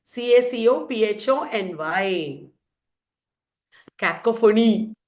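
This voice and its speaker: In a slow, darkish, medium-pitched voice with lively intonation, an Indian English-accented woman leads a literature revision lecture. She quizzes the students playfully but answers each question herself.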